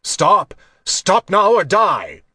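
Man doing a stern commander, loud, raised pitch, dry audiobook sound. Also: wildly swooping pitch, very slow, slightly rough, no echo, exaggerated voice. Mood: commanding. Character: stern male military commander, roaring.

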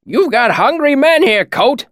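A man voicing a nosy older male villager who calls out loudly and pries into a stranger's business. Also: sits high, huge pitch swings, normal speed, dry recording, clean studio sound, pitched above the performer's own voice. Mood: prying. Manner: loud, calling out.

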